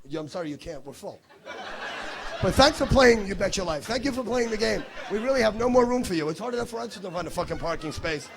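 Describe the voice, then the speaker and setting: A man's voice: high-pitched, expressive, fast, vocal fry. A male stand-up comedian doing crowd work on stage, brash and teasing, with profanity. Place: comedy stage before a live audience.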